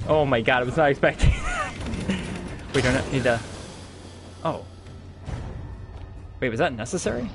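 A young man commentating his gameplay, reacting with excited, profane yelps and jokes. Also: medium pitch, a little slow, pauses often, over music. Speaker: gameplay streamer.

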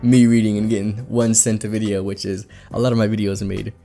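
Soft music sits behind this young channel host, whose lowish, mellow voice barely moves in pitch. He rambles quickly and casually to viewers, with lots of "like" and a slight lisp from braces.

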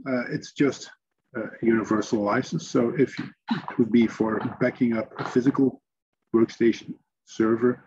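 A man leading a webinar training, pausing often and filling gaps with hesitant sounds. His voice sits at an ordinary pitch. It comes through a dull, lo-fi line with a faint hiss behind it. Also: a little mellow. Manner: halting, frequent fillers. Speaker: presenter.

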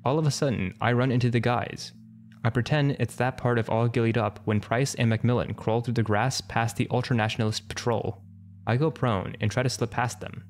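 A man's voice: mid-range voice, fairly even intonation, a little fast, slight background noise. Man with a wry comedic story narration.

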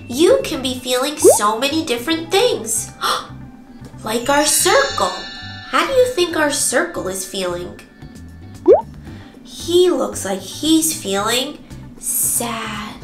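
A woman hosting a toddler circle-time lesson, speaking in an animated sing-song way with gasps and bits of song. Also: high-pitched, takes it slowly. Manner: animated, exaggerated, gasping and singing. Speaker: preschool circle-time teacher. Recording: roomy sound with music behind.

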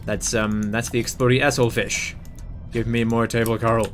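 A young man with a medium-pitched voice talks at a moderate pace over faint background music. He delivers casual, jokey let's-play commentary, excitable as he mutters to himself and yelps in panic during the game.

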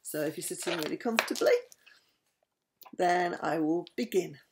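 A woman's voice: on the low side, moderate pace, background noise. An older woman, a grandmother, chatting affectionately with her grandchildren and reading them a bedtime story.

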